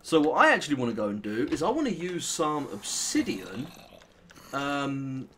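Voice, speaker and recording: A young British man with a British accent, chatting and swearing casually as he plays through a modded game, with sudden excitable outbursts. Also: mid-range voice, moderate pace, a little hiss or hum. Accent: British English. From Britain. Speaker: gaming channel host. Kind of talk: casual Let's Play commentary.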